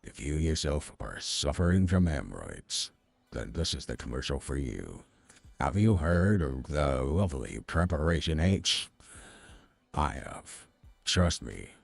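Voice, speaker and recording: A man's voice: sing-song, unhurried, no echo, heavily acted. A man putting on a mock-serious commercial announcer voice for a joke ad. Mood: mock solemn. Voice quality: deep, gravelly, husky. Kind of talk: parody commercial voice-over.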